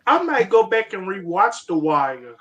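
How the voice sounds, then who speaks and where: Woman, casual chat, slangy, laughing, animated storyteller, video call. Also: medium pitch, unhurried.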